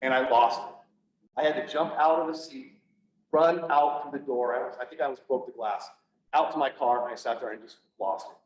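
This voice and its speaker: A man giving an earnest personal talk to an audience, halting at times and restarting his sentences. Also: medium pitch. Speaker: public speaker on PTSD. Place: event room, speaking to an audience. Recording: echoey room, voice from far off, dull sound.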